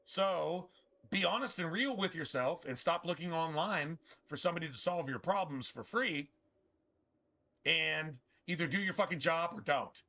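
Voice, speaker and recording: A man's voice: on the high side, animated, moderate pace, sharp tone. Blunt, profane man lecturing. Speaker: gaming streamer. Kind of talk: blunt live-stream rant while playing. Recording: dull lo-fi stream audio.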